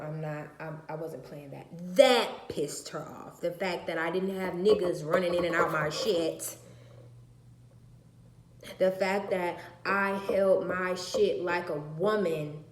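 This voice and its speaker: A woman with a low voice tells a personal story to the camera in a casual vlog. She is blunt and emphatic, drops into slang and swearing, and acts out what others said. Her voice rings in an echoey room. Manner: acts out other people's lines in a higher voice. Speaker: vlogger telling a personal story.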